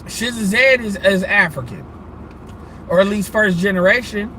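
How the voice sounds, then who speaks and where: Male streamer, bright ringing tone, loose profane rant delivery. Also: high voice, a little slow, a little hiss or hum. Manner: animated, profane, rambling, laughs often. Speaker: livestreamer. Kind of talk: casual live-stream rant.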